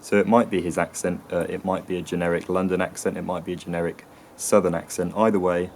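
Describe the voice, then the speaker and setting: A man hosting an educational channel, explaining in a hesitant way with many pauses, fillers and restarts. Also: low-pitched, level tone, a little mellow, slight background noise. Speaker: channel host explaining accents. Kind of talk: educational talk to camera.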